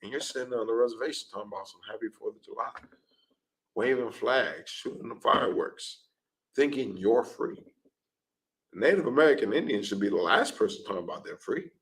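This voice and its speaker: A man's voice: medium pitch, animated, brisk, poor audio. A man preaching in a street-talk class, emphatic and repetitive, often ending lines with "man". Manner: emphatic, repeats "man", acts out scenes. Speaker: class speaker.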